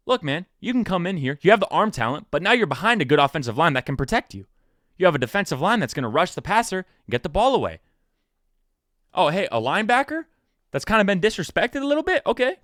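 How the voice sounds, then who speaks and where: A man's voice: no room sound, studio quality. A man in his twenties hosting a solo sports podcast, talking casually and joking. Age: 20s. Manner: animated, joking, pitch jumps for emphasis. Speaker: podcast host.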